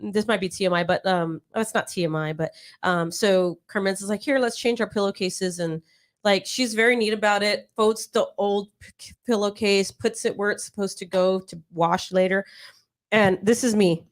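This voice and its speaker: A young adult woman co-hosting a casual live chat, telling animated stories and laughing often. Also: mid-range voice, normal speed. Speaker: podcast co-host.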